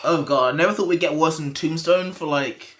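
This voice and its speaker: Bright-voiced man recapping a cartoon. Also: on the high side, fairly quick. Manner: swearing, joking, acting out quotes. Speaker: podcast co-host. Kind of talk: casual chat recapping an episode.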